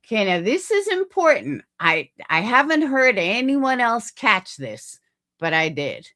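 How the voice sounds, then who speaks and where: A woman's voice: a little high, big pitch swings, measured pace, sharp tone. A woman hosting reaction commentary, talking in a sarcastic, mocking way about a clip she plays. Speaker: commentary host.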